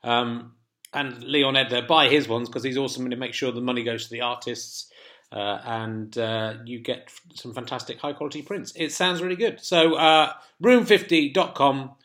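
A man casually reading a sponsor plug in a relaxed, chatty way, with fillers. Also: mid-range voice, moderate pace. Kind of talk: casual spoken ad read.

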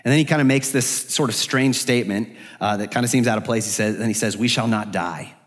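A man's voice: on the low side, quick pace. A man preaching an expository sermon in a church, earnest and searching, lifting his voice when he speaks the prophet's prayers aloud. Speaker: pastor. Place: church sanctuary. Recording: long hall reverb.

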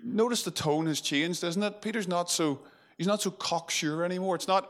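A man's voice: high-pitched, normal speed, hardly any pauses, a bit bright. A man preaching a sermon in a conversational way, full of fillers and restarts. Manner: conversational, with many fillers and restarts, acting out quotes.

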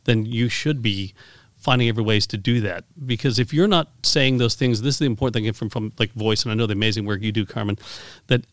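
A man's voice: on the low side, fast talker, no room sound. A man with a Canadian accent, talking enthusiastically and loosely as a guest on a podcast interview, with many restarts. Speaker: guest, keynote speaker.

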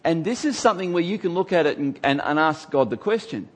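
A man's voice: on the high side, sing-song, fairly quick, few pauses, breathy edge. A man teaching from the Bible in a conversational sermon, emphatic and acting out the people he quotes.

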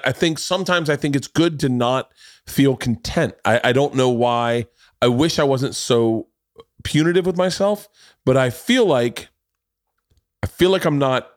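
A man's voice: mid-range voice, dry recording, studio quality. A man hosting a podcast in casual chat, telling self-deprecating stories with frequent restarts and swearing. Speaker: podcast host.

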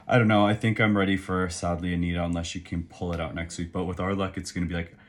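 A podcast co-host talks quickly in a low voice during casual chat. He's excitable and rambling, leaning heavily on fillers.

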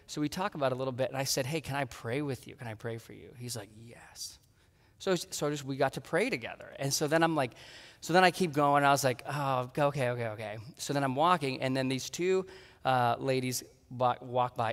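A pastor giving a sermon, telling a story with lively acted-out dialogue. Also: male voice, mid-range voice, in a large hall. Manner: animated storytelling, acting out his own dialogue.

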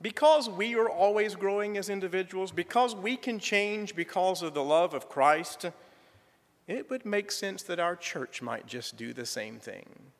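A middle-aged man with a drawl gives a church testimony in a folksy, gently humorous way. His voice rides a bit high and moves through a wide, animated pitch range. The long reverb of a church sanctuary trails behind his words. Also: unhurried. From southern United States. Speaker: church member giving a testimony.

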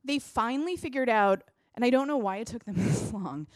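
An animated woman co-hosting a podcast, her pitch leaping around as she gives her opinions in casual chat. She swears now and then. The sound is dry and close to the mic. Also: brisk, no echo. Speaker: podcast co-host.

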